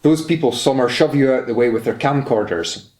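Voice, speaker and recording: Bossy older aunties, as a man reads them out, raised pitch, echoey room. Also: fairly quick, darkish tone, lightly acted. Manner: bossy, advice-giving. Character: fussy older Cape Town aunties giving advice. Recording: roomy echo.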